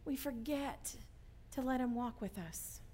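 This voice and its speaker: A woman delivers an earnest sermon in a slightly high voice. She often turns to her listeners with a quick "right?" to pull them along. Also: warm tone, a little hiss or hum. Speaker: preacher.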